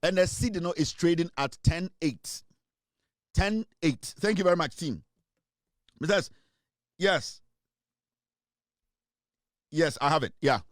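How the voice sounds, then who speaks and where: Speaking slowly with long pauses, this Ghanaian host uses a slightly high voice with lively intonation. His casual online talk-show commentary mixes Twi and English and teases the audience with repeated rhetorical questions, recorded clean in a studio without echo.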